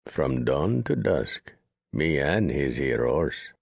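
A man voicing a blunt, gruff Cockney cab driver in an audiobook reading. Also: a bass voice, very animated, takes it slowly, no room sound, exaggerated voice.

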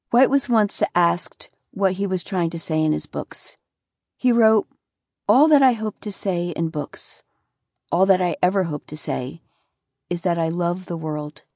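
Woman with a low, mellow voice. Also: no room sound, studio quality. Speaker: cover illustrator introducing the audiobook. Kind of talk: scripted audiobook introduction.

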